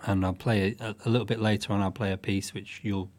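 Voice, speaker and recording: A man, a folk musician, giving thoughtful, halting explanations in an interview. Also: fairly low pitch, flat delivery, darkish tone. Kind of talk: interview conversation.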